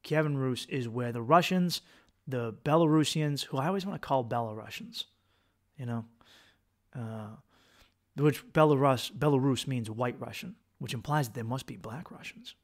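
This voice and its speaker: A middle-aged man rants through his own podcast, animated and profane, slipping sarcastic jokes into a quick history lesson. His voice sits at an ordinary, middle pitch. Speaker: podcast host, comedian. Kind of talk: casual opinionated monologue.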